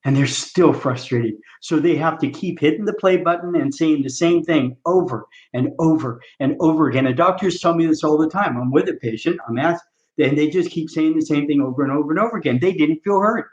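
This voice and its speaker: A man's voice: on the high side, brisk, darkish tone. A man coaching chiropractors as a podcast guest, teaching emphatically and role-playing patient talks. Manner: emphatic, coaching, asks if listeners follow. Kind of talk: teaching and role-play demonstration. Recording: roomy, dull lo-fi sound.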